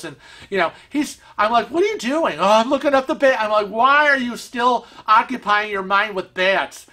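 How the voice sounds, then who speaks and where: A vlog host with a high-sitting voice tells his viewers a casual story in an animated, excitable way, laughing and acting out quotes. He is vision impaired and uses a cane.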